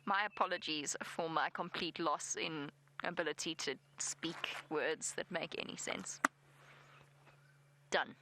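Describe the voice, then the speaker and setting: A woman's voice: sits low, unhurried, bright, forceful tone, slight background noise, low-quality recording. A South African woman giving live safari commentary from an open vehicle outdoors, chatty and self-deprecating. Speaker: safari guide.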